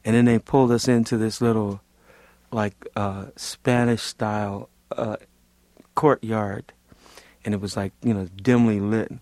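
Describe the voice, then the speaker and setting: A man's voice: fairly low pitch, little pitch movement, measured pace, a little mellow, no echo. A man from Louisiana, a Vietnam veteran, telling his story in a rambling, vivid way that is full of "like" and "you know". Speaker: Vietnam veteran, former Marine. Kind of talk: casual storytelling interview.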